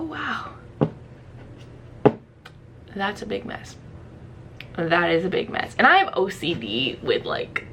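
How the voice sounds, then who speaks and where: A woman's voice: medium pitch, a bit bright, a little hiss or hum. A young woman vlogger casually telling a story to camera, chatty and full of "like", acting out her own reactions. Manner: chatty, fills speech with "like", acts out her own past reactions.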